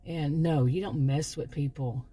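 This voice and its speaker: A woman's voice: deep voice, fairly even intonation, measured pace, warm tone, a little hiss or hum. A woman hosting her own channel, telling a personal story in a chatty, rambling way with frequent restarts. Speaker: channel host, former sociology teacher. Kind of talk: casual storytelling monologue.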